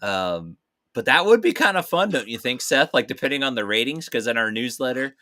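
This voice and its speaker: Co-host, male, bright animated delivery, lively casual movie chatter. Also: medium pitch, a little fast. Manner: animated, playful, breaks into silly voices. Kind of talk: casual live-stream chat.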